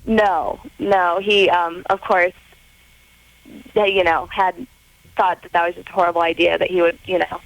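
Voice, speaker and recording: A young woman phoning in to a radio show, with a gravelly, creaky edge to her voice. She talks hesitantly, trailing off and pausing often, and the sound is dry. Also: lowish voice, flat delivery, no room sound, dull audio. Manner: hesitant, many pauses. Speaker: caller. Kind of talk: call-in radio conversation.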